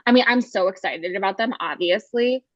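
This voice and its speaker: A woman's voice: mid-range voice, no echo, muffled recording. A woman co-hosting a podcast, chatting casually and gushing emphatically about books she loves. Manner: gushing, emphatic, fast bursts of enthusiasm. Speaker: podcast co-host.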